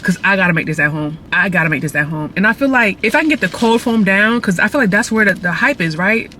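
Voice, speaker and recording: Animated slangy woman vlogging. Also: medium pitch, fast talker, slight background noise. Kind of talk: casual vlog chat.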